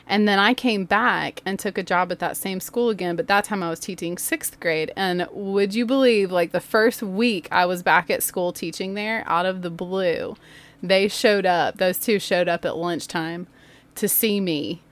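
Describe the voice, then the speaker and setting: A woman's voice: fairly low pitch, unhurried. A woman podcast host and former teacher telling a funny story from her classroom, laughing often. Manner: animated, laughs often, acts out voices. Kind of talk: storytelling monologue. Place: laundry room home studio.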